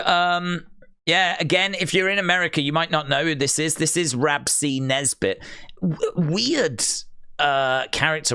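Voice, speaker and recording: A man's voice: on the high side, bright, forceful tone. A man hosting a live stream, chatting casually with viewers, musing aloud with dry, rambling asides.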